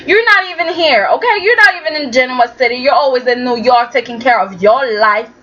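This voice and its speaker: A woman's voice: sits high, animated, a little fast, a bit bright, muffled recording, a little hiss or hum. A woman acting out a bitter, tearful older mother. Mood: tearful accusing. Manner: cutting, sarcastic, tearful. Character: grieving, accusing older mother, bitter and scornful.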